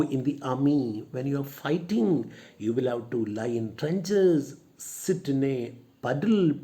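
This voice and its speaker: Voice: medium pitch, mellow. A teacher, explaining a play line by line and defining words. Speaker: English teacher.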